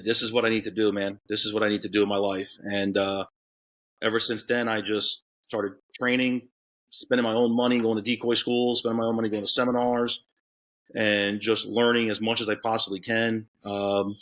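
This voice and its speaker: A Florida man in his thirties, a K9 handler appearing as a podcast guest, tells his story in casual chat, rambling with plenty of fillers. His voice sits lowish with a fairly bright tone.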